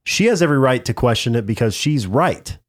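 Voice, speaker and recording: A man's voice: medium pitch, animated, fairly quick, no room sound, clean studio sound. A man co-hosting a podcast, talking in a sarcastic, joking way in casual political chat. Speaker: podcast co-host.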